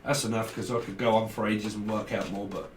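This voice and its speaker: A man's voice: lowish voice, little pitch movement, brisk, far from the mic. A man gives a loose, joking tarot reading that wanders from thought to thought. He sits some way back from the mic, so his voice comes across roomy and echoey. A faint hiss of noise sits under it. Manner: rambling, jokey, chuckles between thoughts. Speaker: tarot reader. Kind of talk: casual tarot reading to camera.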